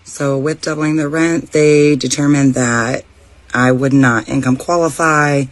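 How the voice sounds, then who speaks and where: A man calmly recounting how he lost his home and job. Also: on the high side, measured pace. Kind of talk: personal account.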